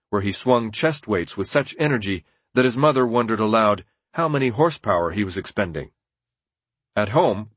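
A man reading a nonfiction audiobook in a steady, measured narration. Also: fairly low pitch, breathy edge, no echo.

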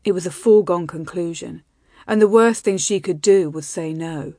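A woman reading a romance novel aloud in a soft, intimate, measured way. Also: fairly low pitch, dry recording, studio quality. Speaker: audiobook narrator. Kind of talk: scripted romance narration.

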